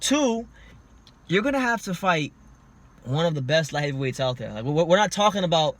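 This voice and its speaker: A man hosting a casual boxing talk show, emphatic and building up to loud points. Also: on the high side, very animated, moderate pace. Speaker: boxing channel host. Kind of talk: casual podcast chat.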